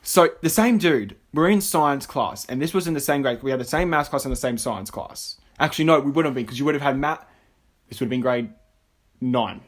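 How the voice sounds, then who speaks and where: A man's voice: mid-range voice, a little fast. A man co-hosting a casual podcast, telling a school story animatedly and acting out the dialogue between laughs. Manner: animated, acts out quoted dialogue, laughs a lot. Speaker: podcast co-host.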